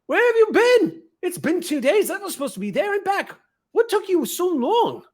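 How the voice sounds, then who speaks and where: A man voicing an excitable, friendly male gnome ship captain in a tabletop game, with a high, chipper, fussy manner. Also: normal speed. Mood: impatient.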